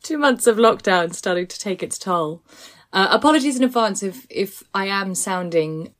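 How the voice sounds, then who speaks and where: A woman's voice: mid-range voice, lively intonation, normal speed, fairly bright tone. A woman co-hosting a podcast, chatting casually in a self-deprecating way. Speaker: podcast co-host.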